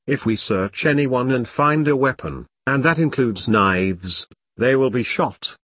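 A man's voice: mid-range voice, expressive, measured pace, a bit bright, slightly rough, no room sound. A man voicing a stern male army section commander who gives clipped orders to surrendering troops.

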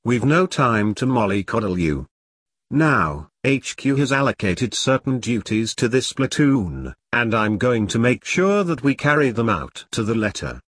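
A man's voice: mid-range voice, sing-song, a bit bright, slightly rough, no room sound, heavily acted. A man reading as a pompous army captain. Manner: bossy, brisk, dismissive. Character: pompous self-important middle-aged male platoon captain.

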